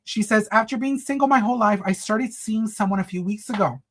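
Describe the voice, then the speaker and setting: Speaking a little fast in a voice that sits high, the man runs a relaxed livestream. He's sassy and campy with his audience, sprinkling in Spanish and calling people honey and girl.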